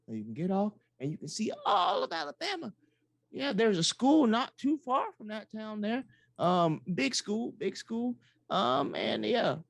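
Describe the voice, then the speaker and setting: A man's voice: high voice, no room sound. A man playing a tabletop game, talking in character in a folksy, drawling, chatty way. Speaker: player.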